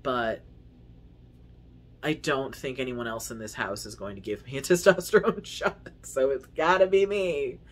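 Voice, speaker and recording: A man vlogging straight to the camera in a loose, candid way. His voice sits in a middle pitch, and he rambles with plenty of fillers, swears freely and laughs at himself along the way. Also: a little slow. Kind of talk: casual vlog talk to camera.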